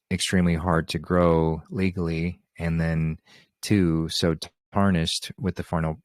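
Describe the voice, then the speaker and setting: A man's voice: low voice, no room sound, clean studio sound. A man hosting an open question session on a group video call, talking in an easygoing, rambling way with many fillers. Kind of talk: casual spiritual talk on a group call.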